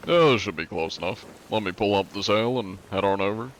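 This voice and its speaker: Congested, low-voiced male streamer. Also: brisk, a little hiss or hum. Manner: loose and chatty, swears freely. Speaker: live streamer. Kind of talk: casual gaming livestream chat.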